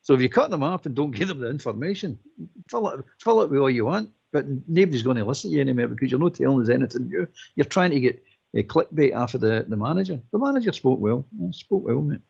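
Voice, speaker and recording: A man's voice: mid-range voice, expressive, fast talker, creaky, a little mellow, breathy edge. A man on a football phone-in, blunt and heated, repeating his points. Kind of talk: casual football phone-in chat. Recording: dull lo-fi line.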